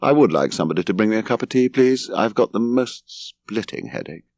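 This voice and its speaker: A man voicing a pompous, drowsy young man who lectures his family with lofty calm. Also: lowish voice, a little fast, vocal fry, no room sound.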